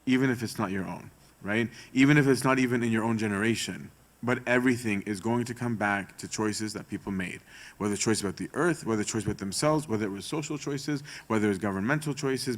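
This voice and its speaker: A male priest giving a conversational sermon talk, often checking in with a rhetorical "right?". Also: fairly low pitch. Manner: chatty, tags points with rhetorical "right?".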